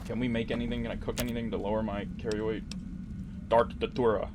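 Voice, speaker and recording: A man's voice: lowish voice, level tone, fast talker, noisy background. A young Canadian man giving casual, sweary, joking let's-play commentary. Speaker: gaming video host.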